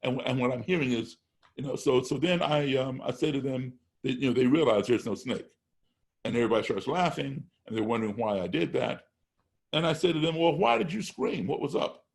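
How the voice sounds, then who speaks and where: This podcast guest, a middle-aged man from the US, talks fairly quickly in a mid-range voice with vocal fry. His storytelling is emphatic and step-by-step, and he dramatizes exchanges from a classroom.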